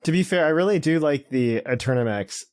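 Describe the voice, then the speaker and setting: A man hosting a casual podcast, chatting in a relaxed, agreeable way and thinking aloud. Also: on the high side, brisk, no room sound, studio quality. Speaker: podcast host.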